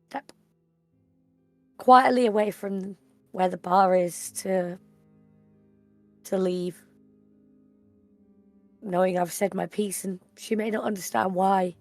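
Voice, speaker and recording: A woman role-playing her character at a game table, earnest and formal, with a slow, gravelly delivery. The room is dry, with faint music behind. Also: medium pitch, darkish tone, no room sound. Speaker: player.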